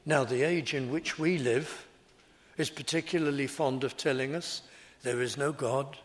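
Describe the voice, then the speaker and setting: Slow, deliberate male preacher. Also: a little high, fairly bright tone. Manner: slow, deliberate, repetitive phrasing. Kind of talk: sermon.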